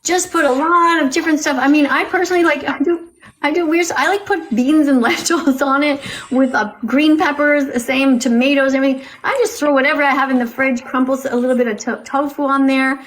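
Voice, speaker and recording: A woman's voice: high voice, fairly even intonation, a little fast. A woman hosting a live stream, talking straight to her viewers and scolding them now and then. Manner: scolding, talks to viewers directly. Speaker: livestream host.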